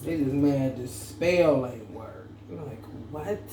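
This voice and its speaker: Woman tarot vlogger, slow and slangy, laughs a lot, echoey room. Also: a bass voice, dark tone. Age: adult parent. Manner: slangy, laughing, loose and profane. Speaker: tarot reader. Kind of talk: casual tarot reading monologue. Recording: echoey room with faint background noise.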